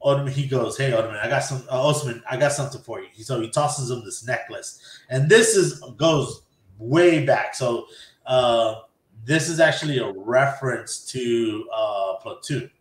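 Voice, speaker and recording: Animated man retelling an anime episode. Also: medium pitch, normal speed, reverberant. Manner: animated retelling, acting out character lines. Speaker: podcast host. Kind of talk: casual anime episode recap.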